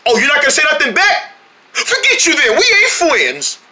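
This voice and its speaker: A man voicing an excitable young male cartoon deer who shouts and complains at everyone. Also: very high voice, a little hiss or hum, heavily acted. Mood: indignant. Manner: shouty, indignant, quick to complain. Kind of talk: cartoon voice acting.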